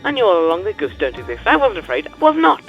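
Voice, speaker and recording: A man's voice: sits high, huge pitch swings, quick pace, highs cut off, soft background music, pitched above the performer's own voice, full character voice. Man voicing a brash young diver girl. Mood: defensive. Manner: defensive, teasing, bossy. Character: brash young woman diver, boastful, insists she is not scared. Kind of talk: reading game dialogue aloud in character.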